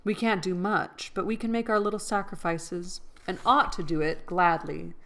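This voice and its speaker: A gentle, earnest teenage sister with regret in her words, read aloud by a woman. The voice sits fairly low for a girl. This is a storybook reading. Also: fairly even intonation, moderate pace.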